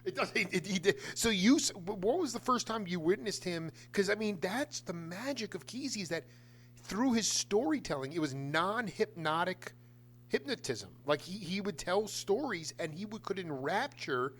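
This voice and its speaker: A man's voice: high-pitched, lively intonation, normal speed, fairly bright tone, husky. A man hosting a casual interview, asking long rambling questions with enthusiasm. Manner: rambling, many fillers and restarts, enthusiastic. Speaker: host.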